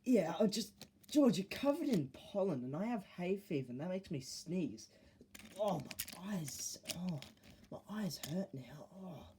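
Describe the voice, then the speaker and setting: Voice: mid-range voice, big pitch swings, unhurried, noisy background, pitched above the performer's own voice. A narrator voicing a grumpy, rude male tank engine who whines and snaps. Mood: whiny. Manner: snappy, whiny, sneezy.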